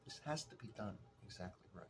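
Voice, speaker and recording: A man's voice: fairly low pitch, animated, fast, a little hiss or hum, close to an everyday voice. A man voicing a pompous, condescending male coffee snob who lectures and sometimes drops to a whisper, in a comedic parody.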